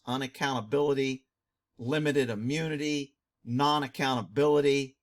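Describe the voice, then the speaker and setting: A middle-aged man, a former police dog handler, giving blunt, indignant commentary on a video. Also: mid-range voice.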